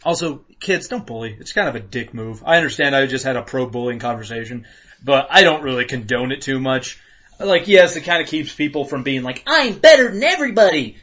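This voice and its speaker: A man co-hosting a casual podcast, chatting profanely, laughing often and bursting into loud acted-out rants. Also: mid-range voice, a little fast. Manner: animated, laughs a lot, acts out rants in loud voices. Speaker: podcast co-host. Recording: dull lo-fi podcast audio.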